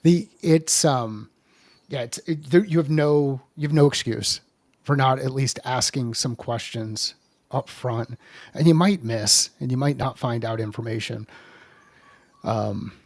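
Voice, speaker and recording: A man on a sales panel, joking and speaking haltingly with many restarts. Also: mid-range voice, dry recording. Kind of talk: casual panel discussion.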